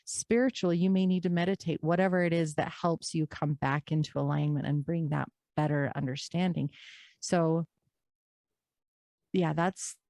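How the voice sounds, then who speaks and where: Low, mellow-voiced woman guest. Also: steady tone, dry recording, clean studio sound. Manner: earnest, encouraging, drawn-out emphasis. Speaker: podcast guest. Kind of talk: conversational interview.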